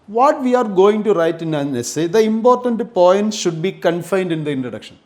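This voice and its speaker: A man's voice: high-pitched, expressive, normal speed, darkish tone. A middle-aged man with an Indian English accent, a Malayalam speaker, giving a classroom English lecture, repeating points for emphasis and spelling words out letter by letter. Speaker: English teacher.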